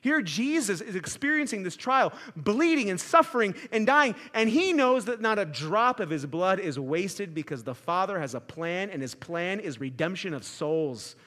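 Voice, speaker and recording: A young male pastor delivering an impassioned sermon in a high, bright voice. He swings from loud, pleading peaks down to hushed, quiet stretches. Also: animated, moderate pace, hardly any pauses.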